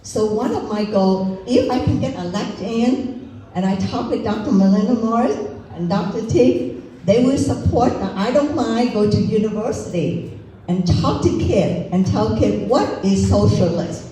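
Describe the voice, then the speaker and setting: A woman's voice: mid-range voice, normal speed, dark tone. A woman from Vietnam with a Vietnamese accent, giving a storytelling speech as a candidate at an outdoor rally. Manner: storytelling, acts out dialogue. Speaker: political candidate. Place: outdoor rally in a parking lot. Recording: echoey, distant mic, faint noise.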